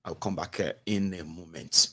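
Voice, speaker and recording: A Nigerian man hosting political commentary in a casual, animated way, mixing Pidgin into his English. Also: low voice, normal speed, slightly rough. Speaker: radio and online commentary host.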